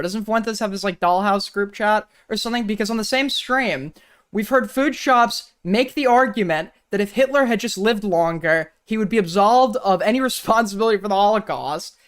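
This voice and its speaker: A man's voice: sits high, fairly bright tone, clean tone. Sarcastic, profane male streamer. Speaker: streamer reacting to clips. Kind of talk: casual stream commentary.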